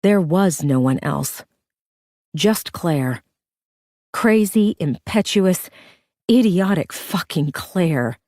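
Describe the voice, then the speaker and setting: A woman's voice: lowish voice, animated, slow, long pauses, a little mellow, no echo, studio quality. A woman narrating a thriller audiobook with a tense, urgent reading.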